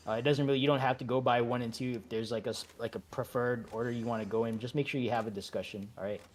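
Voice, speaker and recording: A man leading a game raid over voice chat, talking in a relaxed, halting way with many fillers and restarts. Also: medium pitch, slight background noise. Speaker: raid leader.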